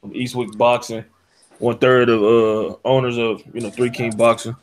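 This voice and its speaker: A man's voice: mid-range voice, flat delivery, normal speed. Man, show host, casual hangout, slangy, lots of fillers, online call mic. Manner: loose slangy talk with many "uh"s. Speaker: podcast host.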